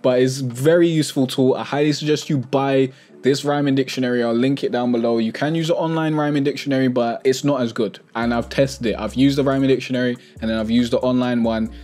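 A young man hosting a music tutorial, explaining in a relaxed, chatty way and correcting himself as he goes. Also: medium pitch, fast talker. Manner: relaxed, chatty, self-correcting, plugs own products.

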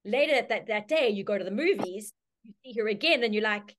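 A woman teaching a branding workshop, telling a story with lively, chatty delivery and acted-out voices. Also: brisk. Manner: storytelling, acts out quoted voices with sudden high squeals. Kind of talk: live online workshop talk.

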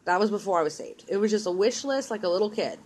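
A woman's voice: mid-range voice, lively intonation, fast talker, darkish tone, a little hiss or hum. A woman giving casual, earnest religious advice in a vlog, repeating herself insistently and rambling with restarts. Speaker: mother.

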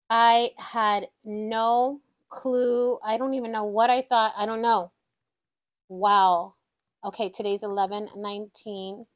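Excitable woman counting cash, slightly high. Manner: excitable, exclaims often, says "y'all". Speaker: budgeting vlogger. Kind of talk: casual chat while counting cash.

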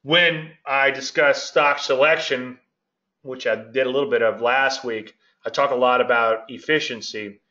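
Casting: middle-aged male host, outgoing, talks loosely and meanders, bright forceful tone, dull lo-fi recording. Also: medium pitch, steady tone, unhurried. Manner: gregarious, rambling, self-interrupting. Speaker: market analyst and show host. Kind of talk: casual trading commentary. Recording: dull lo-fi audio.

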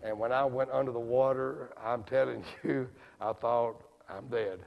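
A man preaching a sermon in a church, folksy, dropping to hushed asides and rising to shouts. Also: mid-range voice, fairly even intonation, normal speed, creaky, highs cut off. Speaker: evangelist preacher. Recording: reverberant hall.

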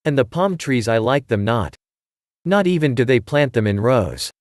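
A man voicing a fussy, fastidious middle-aged male detective who complains in precise, formal phrasing. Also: mid-range voice, animated, no room sound, studio quality, natural voice.

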